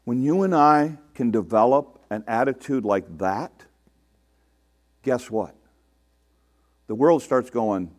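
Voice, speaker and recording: A man's voice: medium pitch, big pitch swings, measured pace, pauses often, a little mellow. A man preaching a sermon to his congregation in a conversational way, asking rhetorical questions and mimicking the people he quotes. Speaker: pastor.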